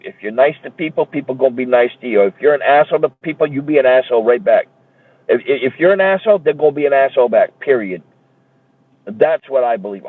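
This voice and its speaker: A man's voice: medium pitch, no room sound. A man ranting in a heated, profane and repetitive way, as if streaming a monologue. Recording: tinny phone-like dry audio.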